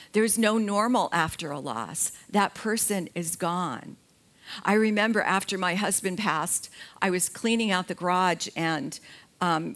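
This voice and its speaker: A middle-aged woman talks about grief, unhurried and gentle. Her voice sits fairly low and she moves at a very slow pace, letting pauses hang between phrases. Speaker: grief educator. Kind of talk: spoken talk on grief.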